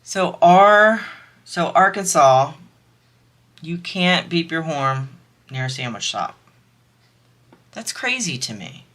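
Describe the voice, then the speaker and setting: A woman's voice: deep voice, expressive, slow pace, pauses often, fairly bright tone. A woman vlogger chatting casually while she crafts, amused and laughing often.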